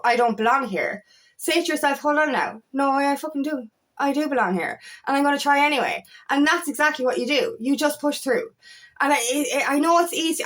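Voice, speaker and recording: Brief: female empowerment coach, fairly high voice, blunt and emphatic, curses for effect, talks straight to camera. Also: a bit bright. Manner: emphatic, swears freely, repeats phrases. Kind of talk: motivational talk to camera.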